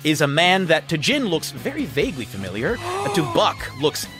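A man's voice: fairly high pitch, wildly swooping pitch, moderate pace, music in the background. A man narrating a tabletop game as game master, full of fillers and laughter.

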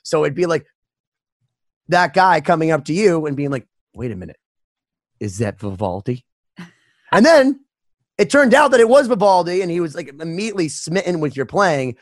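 A middle-aged man co-hosting a casual podcast, slightly high-pitched, with a pitch that leaps all over as he tells stories. He swears freely and plays out quoted voices. The sound is dry and close. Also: sing-song, fairly quick, no echo. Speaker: podcast co-host, musician. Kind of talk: casual chat.

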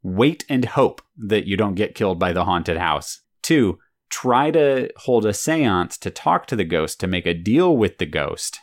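A woman's voice: extremely low pitch, very animated, measured pace, hardly any pauses. A woman interviewing a child in a casual chat, patiently restating the answers to check she has understood.

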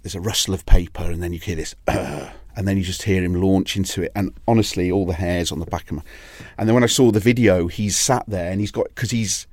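A man's voice: deep voice, a little fast, few pauses, a little mellow, dry recording, studio quality. A Welsh man, a DJ and label owner, chatting in an interview and telling long anecdotes with many restarts. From Wales. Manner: rambling anecdotal storytelling, frequent restarts. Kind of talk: casual interview chat.

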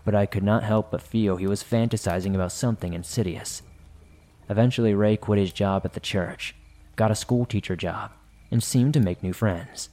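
A man hosting a horror podcast, reading a first-person scary story in a measured, deliberate way. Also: lowish voice, dark tone. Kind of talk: scripted horror narration.

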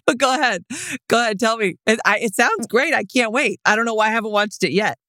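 A woman's voice: a little high, fast, pushed and bright, no echo, clean studio sound. A woman in her thirties co-hosting a podcast in casual chat, playful and teasing, laughing often. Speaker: podcast co-host.

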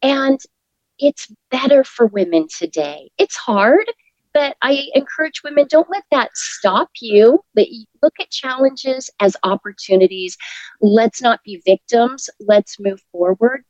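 A middle-aged woman speaking as an interview guest, earnest and encouraging, with soft laughs as she talks. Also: on the high side, lively intonation, unhurried, no echo, highs cut off. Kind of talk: casual interview talk.

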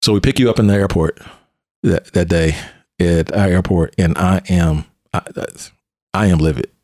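A man hosting a conversation, a police officer and mentor telling a story in an animated way and often restarting his phrases. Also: low-pitched, normal speed, no echo, clean studio sound.

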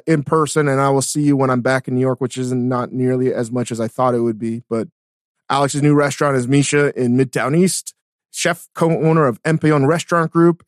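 A man hosting a podcast interview, talking in an excited, casual way with many restarts. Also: fairly high pitch, no echo, studio quality. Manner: enthusiastic, stammers on restarts. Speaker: podcast host.

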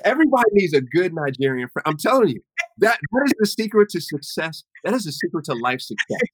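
A man's voice: fairly high pitch, big pitch swings, fast talker, husky, dry recording. A man hosting an interview, asking earnest, probing questions and slipping in playful asides. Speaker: interview host. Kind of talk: conversational interview.

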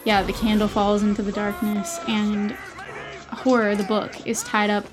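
Thirtyish woman podcaster, chatty storytelling, mid-pitched voice, lots of filler words. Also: normal speed. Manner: animated storytelling, full of "like" and "you know". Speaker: podcast co-host. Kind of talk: casual chat.

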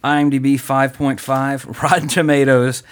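Man, podcast host, casual chat, rambling, joking, filler-heavy, mid pitch. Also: little pitch movement, moderate pace.

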